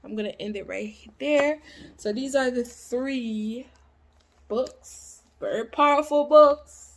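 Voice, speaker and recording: A woman vlogging about books she has read, chatting casually and repeating quotes with rising emphasis, dropping into soft asides. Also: fairly high pitch, slow, gravelly, a little hiss or hum. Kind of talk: casual book talk to camera.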